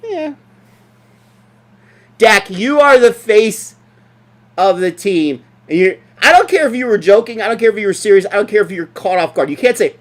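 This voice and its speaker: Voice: mid-range voice, expressive, normal speed, long pauses. A podcast co-host in casual sports chat, ranting and mocking with lots of swearing.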